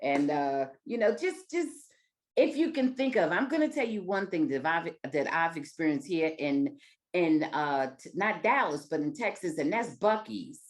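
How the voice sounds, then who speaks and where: A woman in her sixties with a New York accent co-hosts a relaxed chat over a video call. She talks in an enthusiastic, rambling way, and her pitch rises and falls widely. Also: moderate pace. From New York area. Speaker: co-host. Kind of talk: casual interview chat.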